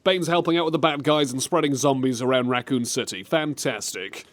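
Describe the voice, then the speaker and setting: A man's voice: medium pitch, fairly quick. A young man hosting a comedy radio show in a studio, rambling in loose, joking banter. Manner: animated, rambling, slips into silly mock voices. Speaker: radio host.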